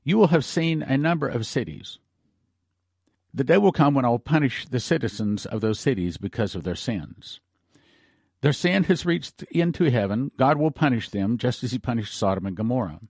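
A man reading aloud the part of a male angel who delivers a grave prophetic warning in measured pronouncements. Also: medium pitch, lively intonation, a little mellow, no room sound, clean studio sound. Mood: solemn. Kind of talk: read-aloud story.

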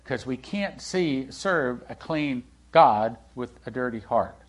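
A man preaching a sermon in a conversational way, asking the congregation questions and swinging between loud and hushed delivery. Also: medium pitch, takes it slowly. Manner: animated, swings from loud to hushed, acts out quoted dialogue.

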